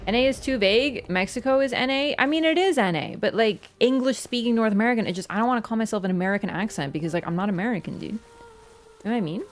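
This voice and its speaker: A woman's voice: on the high side, fast. Chatty Canadian woman streaming a game. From Ontario, Canada. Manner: chatty, rambling, full of "like" fillers. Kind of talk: casual livestream chat while gaming.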